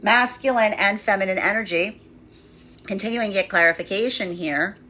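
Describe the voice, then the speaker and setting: A woman's voice: mid-range voice, moderate pace, pushed and bright. A woman giving a casual spoken tarot reading, chatty and full of fillers, often laughing while she acts out what people might say. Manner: chatty, with many fillers, laughing while acting out quoted voices. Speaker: tarot reader.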